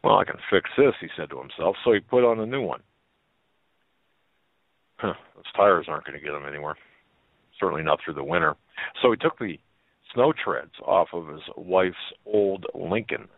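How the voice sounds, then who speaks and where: A male talk show host reading a story aloud in a folksy, halting way, with many fillers and restarts. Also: sits low, expressive, no echo. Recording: narrow phone-like line.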